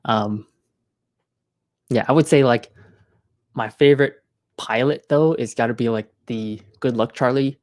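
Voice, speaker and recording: A man's voice: medium pitch, measured pace, long pauses, darkish tone, no room sound. A man streaming from home, chatting casually into a close mic, rambling with many fillers and restarts. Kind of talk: casual live-stream chat.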